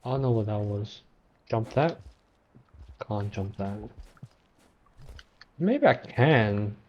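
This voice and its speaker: A man giving gameplay commentary, reacting loudly and talking to the creatures he meets on screen. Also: lowish voice, expressive, slow pace, muffled recording. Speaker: gameplay streamer.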